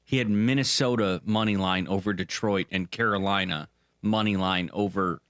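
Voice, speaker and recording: A man with a lowish voice trades short, dry remarks in a casual sports chat. The sound is close and dry, with no room around it. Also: normal speed, fairly bright tone, dry recording. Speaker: co-host of a sports recap show.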